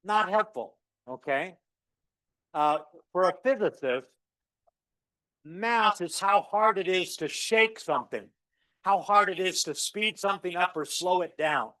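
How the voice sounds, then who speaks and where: Animated middle-aged male physics lecturer. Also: measured pace, no room sound. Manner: animated storyteller, acts out dialogue with rising pitch. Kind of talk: university lecture with demos. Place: lecture hall.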